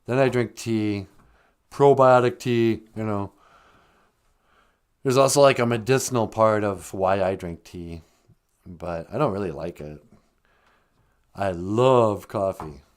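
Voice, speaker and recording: A man's voice: fairly low pitch, slow pace, long pauses, smooth. A man hosting a livestream show, telling stories in a rambling, joking way and laughing often. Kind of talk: casual storytelling chat.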